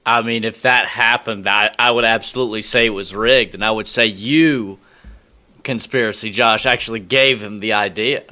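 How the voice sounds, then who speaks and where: A man's voice: fairly low pitch, fairly even intonation, moderate pace, sharp tone. A man co-hosting sports talk radio, joking and teasing his partner. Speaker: radio co-host.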